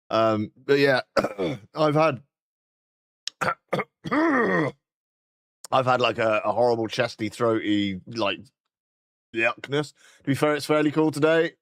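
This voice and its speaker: A British man with a hoarse, sore throat, chatting casually on a game stream, swearing freely and clearing his throat often. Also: medium pitch, lively intonation, takes it slowly, long pauses, a bit bright, no room sound, studio quality. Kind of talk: casual live-stream chat.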